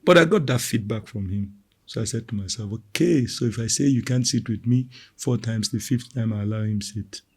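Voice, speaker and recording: A middle-aged man talking casually about parenting, animated and quick to act out the voices of the people he quotes. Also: mid-range voice. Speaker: parenting podcast co-host. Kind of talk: casual conversational talk.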